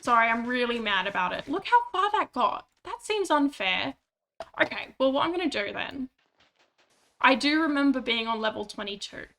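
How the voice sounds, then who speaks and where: Bright, chatty woman streamer. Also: on the high side, animated, normal speed, vocal fry. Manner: chatty, self-mocking, swears when annoyed. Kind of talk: casual gameplay chat.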